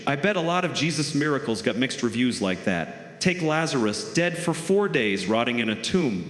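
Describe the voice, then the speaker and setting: Stand-up comic, wry storyteller with a bright, forceful voice, in a reverby theater hall. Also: male voice, mid-range voice, sing-song, normal speed, few pauses. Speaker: stand-up comedian. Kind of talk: stand-up comedy routine. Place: large theater stage.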